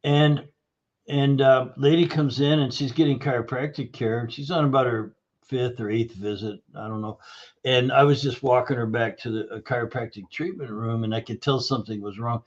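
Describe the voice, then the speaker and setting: A man telling a clinic story on a podcast, acting out the lines of the people in it. His voice sits at a middle pitch, and the recording sounds a bit dull and lo-fi. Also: moderate pace. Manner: animated storyteller acting out dialogue. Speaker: guest, nutrition practitioner. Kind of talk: storytelling interview answer.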